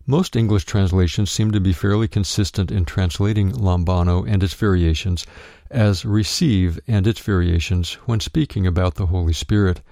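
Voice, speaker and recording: A deep-voiced man reads a Bible study aloud, his tone low and gravelly. He speaks in a measured, steady way and reads each verse reference out plainly. The sound is close and dry, with no room around it. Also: no echo. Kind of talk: scripted narration of a written teaching.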